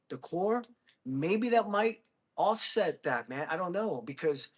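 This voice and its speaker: A man's voice: fairly high pitch, breathy edge. Rambling man in his fifties on a livestream. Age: 50s. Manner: rambling, friendly, talks straight to viewers with "buddy" and "bro". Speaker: livestream host. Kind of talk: casual livestream chat with viewers.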